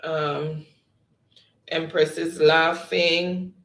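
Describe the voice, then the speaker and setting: A man's voice: fairly high pitch, level tone, drawn-out words, fairly bright tone, roomy sound. A man hosting a quiz game on a live stream, reading out the players' chat answers and laughing often. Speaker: game show host.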